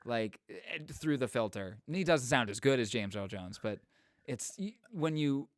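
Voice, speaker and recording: A man's voice: mid-range voice, animated, dry recording, studio quality. A man co-hosting a podcast, chatting casually and jokingly about a movie he just watched. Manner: jokey, riffing, quick asides. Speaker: podcast co-host. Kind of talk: casual movie review chat.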